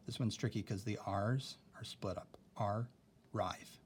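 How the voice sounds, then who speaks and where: A man's voice: on the low side, normal speed, a little hiss or hum. A young man teaching a recorded spelling lesson, patient and careful, often checking in with "okay?".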